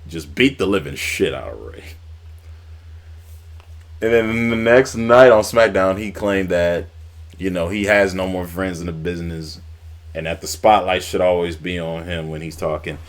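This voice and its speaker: A man's voice: low-pitched, moderate pace. A man casually recapping old wrestling storylines, rambling and swearing now and then. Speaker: wrestling YouTuber.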